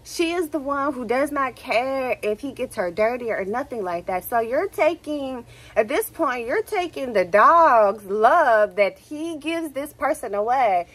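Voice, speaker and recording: A young woman with a Houston accent, telling a story to her vlog in a casual, animated way, full of swearing and "like, literally" fillers. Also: high voice, unhurried, hardly any pauses, poor audio. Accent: Southern US, Houston. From Texas, USA. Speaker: vlogger.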